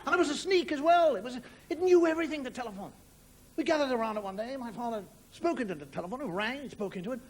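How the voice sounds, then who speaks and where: A man's voice: very high voice, expressive, quick pace. A middle-aged Irish man telling a wry stand-up story, acting out voices, in a 1990 TV studio with an audience. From Ireland. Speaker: comedian. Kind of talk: stand-up monologue. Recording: 1990 TV broadcast with audience noise. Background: audience laughter.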